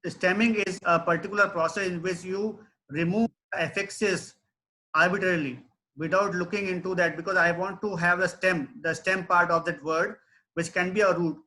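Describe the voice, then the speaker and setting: High, bright-voiced man giving a lecture. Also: fairly even intonation, normal speed, a little hiss or hum. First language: not English. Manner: explanatory, frequent tag questions. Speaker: webinar lecturer. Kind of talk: online technical lecture.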